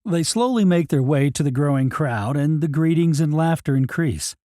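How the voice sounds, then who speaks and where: A man's voice: fairly high pitch, lively intonation, normal speed, mellow, dry recording, clean studio sound. A man narrating an audiobook in the first person in a plain, matter-of-fact way.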